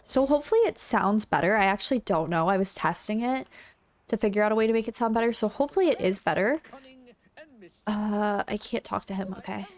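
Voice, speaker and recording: A woman's voice: mid-range voice, lively intonation, fairly quick. A young woman streaming a video game, chatting casually and gushing, a little congested and sniffly, talking into her own mic. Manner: chatty, gushing, self-correcting. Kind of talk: casual gameplay commentary. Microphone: own desk mic.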